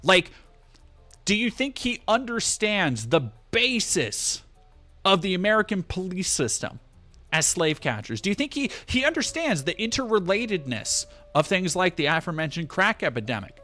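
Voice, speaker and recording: A man commenting on a game he streams, sarcastic and ranting with plenty of swearing. His voice is bright and somewhat high. Soft music plays behind him. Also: sing-song, normal speed.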